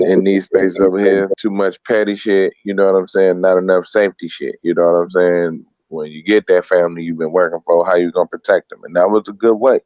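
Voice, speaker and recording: A man's voice: sits low, darkish tone, dry recording. A man chatting casually on a stream, laid-back and slangy, with lots of "you know what I'm saying". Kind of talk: casual chat. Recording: dull dry lo-fi sound.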